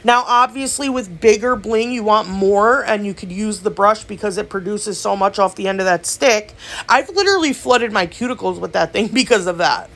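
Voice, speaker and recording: A woman's voice: medium pitch, moderate pace. A young woman, chatting casually as a nail artist, telling stories and giving tips. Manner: animated storytelling, chatty, swears. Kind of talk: casual rant and tutorial chat.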